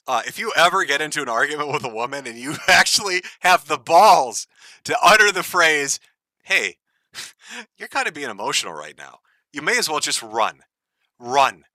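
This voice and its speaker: A man hosting a live stream who mocks the clip he is playing with crude sarcasm and bursts of laughter. His voice is very bright and cutting, his pitch jumps around lively, and the close mic sounds dry. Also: dry recording. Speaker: stream host commenting on a clip. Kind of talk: mocking live-stream commentary.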